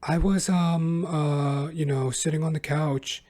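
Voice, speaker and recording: A man doing a mocking impression of a soft-spoken woman, hesitant and halting with many fillers. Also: a little high, fairly even intonation, voice pushed up. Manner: halting, hesitant, full of ums.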